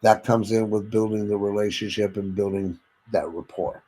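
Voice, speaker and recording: Male sales trainer, lowish voice, instructive delivery that demonstrates tones and checks in with listeners. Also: steady tone, normal speed, dark tone, poor audio. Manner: instructive, addresses listeners directly with frequent "okay?"; demonstrates vocal tones and inflections while teaching.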